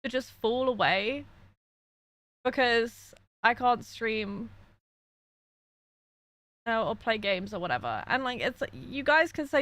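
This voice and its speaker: A young woman talks frankly to her stream chat from her bedroom, still tearful after crying and venting as she reads messages aloud. Her voice is bright and forward, with a close, dry sound and no room echo. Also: a little high, expressive, slow pace, pauses often. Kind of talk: casual livestream chat.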